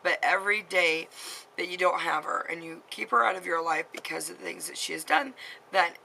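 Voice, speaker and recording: A woman in her late thirties, with a lowish, fairly quick, pushed and bright voice with vocal fry, gives heartfelt advice to teen girls straight to camera. Earnest and rambling, she fills her talk with "you know," "um," and repeats. The recording is rough with slight background noise.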